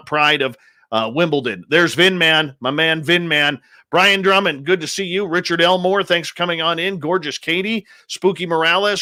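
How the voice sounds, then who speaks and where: Upbeat bright radio host. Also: male voice, fairly high pitch, no room sound. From Canada. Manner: upbeat, playful, drawn-out announcer emphasis. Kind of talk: live show roll call and greetings. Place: home studio in British Columbia.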